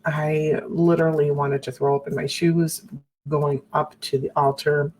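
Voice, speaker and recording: A woman with a low-pitched voice recounts her own past in a personal broadcast. She speaks earnestly and haltingly, often breaking off and restarting, and mimics the people she quotes. A faint background hiss sits under her voice. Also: level tone, darkish tone, poor audio. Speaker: abuse survivor sharing her story.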